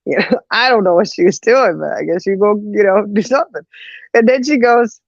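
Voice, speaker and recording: A podcast co-host with a creaky, mid-range voice talks fast while telling a family story in a casual chat. She's animated, laughs often, and acts out the voices of the people involved. The recording is dry and lo-fi.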